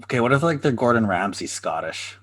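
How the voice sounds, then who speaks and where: A man's voice: medium pitch, lively intonation, fairly quick, a bit bright, slightly rough. A man co-hosting a podcast in casual chat, laid-back, swearing freely and laughing at his own jokes. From Canada. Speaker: podcast co-host.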